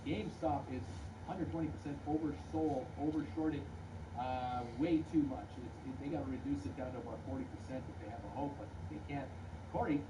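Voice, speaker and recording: Distant, noisy, brisk market commentator man. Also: mid-range voice. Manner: brisk, plainspoken, hesitant with many "uh"s. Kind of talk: live market commentary reading viewer comments. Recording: distant voice with clear background noise.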